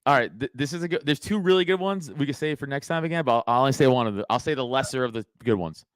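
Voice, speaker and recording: A man's voice: medium pitch, animated, rapid-fire, no echo. A man co-hosting a comedy podcast, posing crude questions with a mischievous, giggly delivery.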